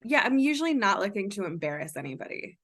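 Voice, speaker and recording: A young woman comedian, a guest on a casual podcast, giving thoughtful, measured answers. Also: medium pitch, very animated, a bit bright.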